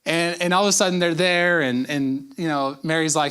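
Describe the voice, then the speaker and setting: A man's voice: on the high side, normal speed, hardly any pauses, sharp tone, clear, resonant tone. A man preaching a conversational sermon as pastor, telling the story casually with jokes and asides.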